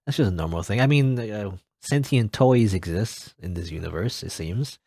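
A man's voice: on the low side, animated, normal speed, few pauses, darkish tone, slightly rough, no room sound, clean studio sound. A man hosting a let's play, reading game dialogue aloud and adding joking asides. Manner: joking asides between read-out lines.

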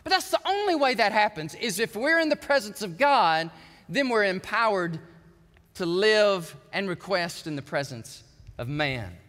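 High, lively preaching man in a church. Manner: animated storytelling, acting out quoted voices. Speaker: pastor. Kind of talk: sermon. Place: large church sanctuary. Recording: church sanctuary with long reverb.

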